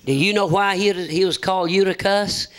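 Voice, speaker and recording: A man's voice: sits high, fairly even intonation, a little fast, a bit bright, smooth. A man preaching a folksy sermon, telling humorous stories and acting out the voices of the people in them. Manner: folksy joking, acts out voices in his stories. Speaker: visiting preacher.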